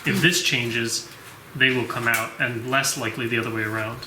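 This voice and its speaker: A man's voice: mid-range voice, level tone, moderate pace. Tabletop player, man, reasons out plans aloud, echoey room, noise behind. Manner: thinks aloud, talks strategy. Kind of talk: casual tabletop game chat.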